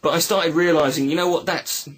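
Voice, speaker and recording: A man telling a personal story in a reflective video monologue, halting and earnest with many restarts. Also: a little high, fairly even intonation, a bit bright. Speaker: video blogger.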